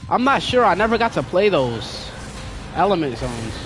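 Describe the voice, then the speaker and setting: A man's voice: high voice, big pitch swings, moderate pace, a bit bright, slight background noise. A young man chatting casually with viewers while playing a game, in a slangy, talkative way. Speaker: gaming streamer. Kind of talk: casual gameplay commentary. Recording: game music playing behind.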